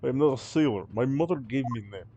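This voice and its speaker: A man's voice: medium pitch, lively intonation, quick pace, mellow, lo-fi sound, slight background noise, voice pushed down, close to an everyday voice. A man voicing a burly, hostile male sailor who speaks blunt, broken English. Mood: gruff. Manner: blunt, menacing, drops articles.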